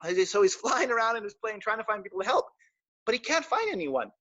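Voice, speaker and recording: High-voiced man telling a kids' story. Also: brisk, no room sound. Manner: animated, with sound effects. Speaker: storyteller for children. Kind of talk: children's story on a live stream. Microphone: live stream mic. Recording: dull, dry lo-fi stream audio.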